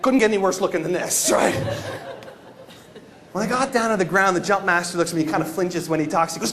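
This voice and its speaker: A man telling stories on stage as a motivational speaker, animated, with shouted bursts and stammering restarts. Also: sits high, fast talker. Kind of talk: energetic stage storytelling. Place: stage before a live audience.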